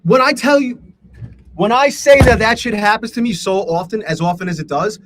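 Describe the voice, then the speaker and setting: A man with a high-pitched voice hosts a live trading stream and talks to his viewers as he trades. His delivery is a profane, exasperated rant, full of swearing. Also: normal speed, fairly bright tone, slight background noise. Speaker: livestream host and day trader. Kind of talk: live trading commentary to chat.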